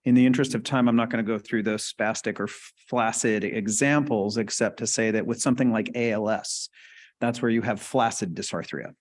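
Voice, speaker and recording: A man's voice: lowish voice, brisk. A man giving a live lecture at a medical conference, explaining terms casually and checking in with the audience. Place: conference hall.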